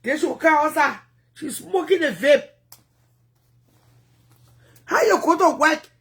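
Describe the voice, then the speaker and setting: A woman with a Liberian accent giving animated, rambling commentary in a casual vlog. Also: sits high, takes it slowly. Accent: Liberian English. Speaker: vlogger.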